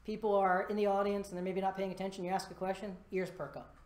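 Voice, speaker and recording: A man giving a live conference talk, lively and self-deprecating, walking around the stage as he speaks. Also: high voice, quick pace, a little hiss or hum. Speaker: conference presenter. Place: presentation room before a live audience. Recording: echoey presentation room.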